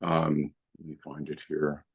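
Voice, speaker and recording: A man's voice: extremely low pitch, completely flat delivery, unhurried, narrow, tinny audio. A middle-aged man, a guest filmmaker on a podcast, reminiscing in an earnest, heartfelt way. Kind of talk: podcast interview.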